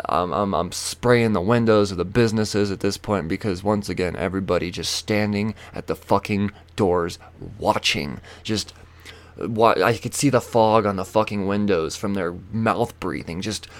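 A young man hosting a podcast, telling a story as a profane comedic rant, full of swearing and shouted quotes. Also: on the low side. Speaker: podcast host.

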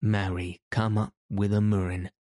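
A man's voice: on the low side, level tone, a little slow, mellow, no echo, clean studio sound, natural voice. A man voicing a stubborn, fearless tanner who talks back defiantly in old-fashioned speech. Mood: heated. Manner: defiant, archaic retorts.

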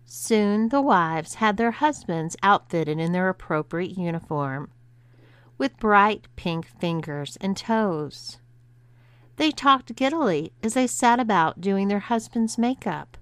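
A woman narrating an erotic audiobook in a measured, steady storytelling manner. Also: mid-range voice, clean tone, dry recording.

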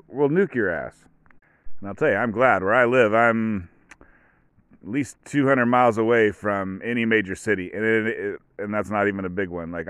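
A man's voice: on the low side, a bit bright, no echo. A man hosting a casual solo podcast, talking in a rambling, offhand way with dry joking asides. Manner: rambling, offhand, full of "like" and "whatever". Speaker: podcast host.

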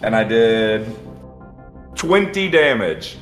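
A man's voice: lowish voice, very animated, slow pace. A man playing a tabletop game, reporting his rolls and actions in a plain, matter-of-fact way. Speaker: player. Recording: echoey room with faint music.

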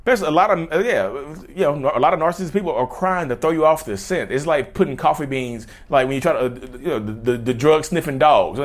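A man's voice: on the high side, expressive, fairly quick, hardly any pauses. Man talking casually to his viewers. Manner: rambling, repeats and restarts phrases, addresses viewers as "y'all". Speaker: vlogger. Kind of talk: casual direct-to-camera talk.

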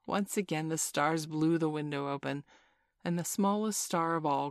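Low-voiced woman reading a storybook. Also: no echo, clean studio sound. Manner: measured, gently playful storyteller. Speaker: narrator.

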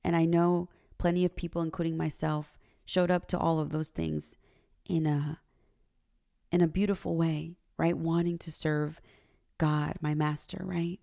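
Creaky, mellow and low-pitched, this podcast host's voice barely shifts in pitch as she speaks a little slowly. She confides earnestly about her marriage and faith in a personal monologue, at moments becoming emotional.

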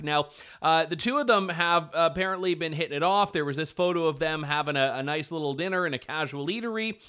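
Bright, smooth-voiced wry man. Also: on the high side. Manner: wry, amused, chatty. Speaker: co-host of a political commentary show. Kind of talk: casual political commentary.

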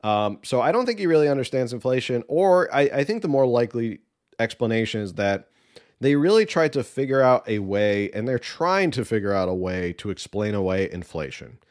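A man's voice: medium pitch, expressive, normal speed. Sarcastic male political podcast host. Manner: opinionated, sarcastic, exasperated. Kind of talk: casual political commentary.

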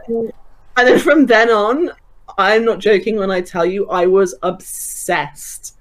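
A woman with a voice of average pitch chats casually and enthusiastically. She laughs often between sentences. Her talk is loose and full of fillers like "like" and "um". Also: very animated, slow pace. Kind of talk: casual chat.

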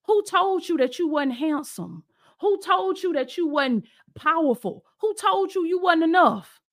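A woman's voice: extremely high pitch, expressive, measured pace, pitched above the performer's own voice, full character voice. A woman voicing God as a tender father, asking searching questions again and again. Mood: tenderly questioning.

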